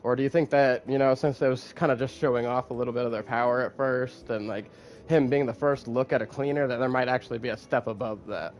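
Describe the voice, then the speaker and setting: A man's voice: mid-range voice, fairly even intonation, fast. A man hosting a podcast in casual chat, laid-back, swearing freely and laughing often. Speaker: podcast host.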